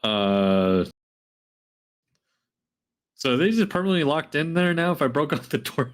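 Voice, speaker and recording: A man's voice: a little high, sing-song, measured pace. A man playing a tabletop game online, eagerly asking questions about the rules and sometimes speaking as his character. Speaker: player.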